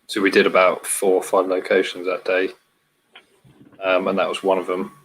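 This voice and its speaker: A man's voice: low voice, completely flat delivery, normal speed, a bit bright, slight background noise, low-quality recording. A man from Britain chatting casually about exploring, explaining his views steadily. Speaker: urban explorer in a group chat. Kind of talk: casual chat.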